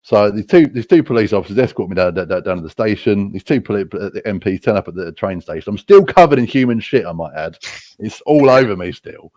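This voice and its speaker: Low-voiced crude British storyteller man. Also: lively intonation, brisk, darkish tone, no room sound. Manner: crude, profane, laughing at his own stories. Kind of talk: casual anecdote telling.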